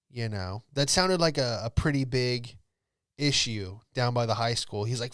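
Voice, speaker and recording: Rambling comedian telling stories. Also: male voice, medium pitch, a bit bright, clean tone, no echo, clean studio sound. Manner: rambling, jokey, quick character impressions. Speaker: comedian podcast host. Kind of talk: comedic storytelling monologue.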